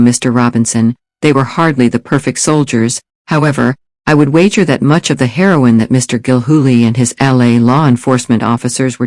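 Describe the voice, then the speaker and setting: A man voicing a calm, courteous former special forces operative with a British accent, speaking softly and formally. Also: medium pitch, no room sound, natural voice. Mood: measured. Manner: soft-spoken, courteous, formal.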